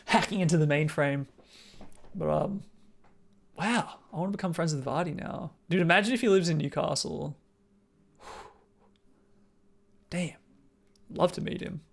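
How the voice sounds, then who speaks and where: An Australian man chatting casually on a live stream, reacting to a video, thinking out loud and swearing freely. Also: fairly high pitch, measured pace, vocal fry, pauses often.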